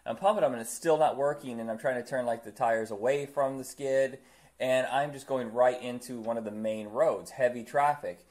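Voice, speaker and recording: A man's voice: medium pitch, moderate pace, darkish tone. Blunt, profane man from Indiana. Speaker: podcast co-host. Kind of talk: casual chat.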